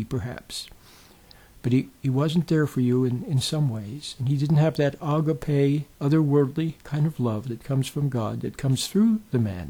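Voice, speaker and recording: Mellow, husky-voiced man giving a gentle spiritual talk. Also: on the high side. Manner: gentle, repeatedly checks in with the listener; folksy storytelling with many fillers and restarts. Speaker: spiritual teacher.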